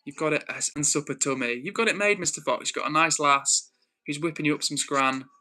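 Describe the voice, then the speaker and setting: A young man with a Northwest English accent hosting a live stream, reading chat and calmly, earnestly lecturing a troll with many restarts. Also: fairly high pitch, fairly quick. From Northwest England. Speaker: livestream host.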